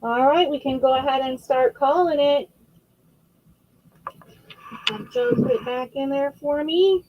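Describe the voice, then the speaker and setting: A woman hosting a live vintage auction stream, chatting casually as she describes each item, with frequent fillers and quick self-corrections. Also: high-pitched, dull audio, slight background noise.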